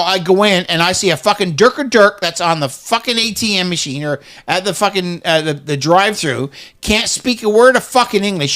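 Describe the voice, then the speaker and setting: A man's voice: sits high, a bit bright. A middle-aged man in casual chat, ranting heatedly and swearing constantly.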